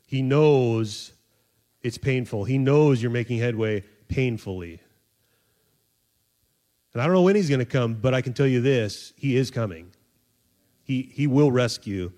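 A man's voice: measured pace, pauses often. A man preaching a sermon in a conversational, joking way, acting out voices and laughing at himself. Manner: animated, acts out voices of the disciples with sudden high squeaks. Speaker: pastor.

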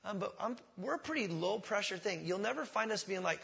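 A man preaching a sermon as pastor, in a conversational style that swells loud on key words, coughing at times, in a church. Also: sits high, animated, fast talker, creaky. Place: church sanctuary.

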